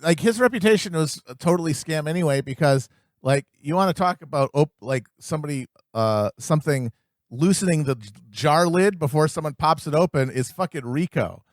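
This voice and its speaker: A man's voice: a little high, expressive, fairly quick, dry recording. A man co-hosting a comedic podcast, rambling and riffing in a mocking tone. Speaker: podcast co-host. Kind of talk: casual comedic podcast chat.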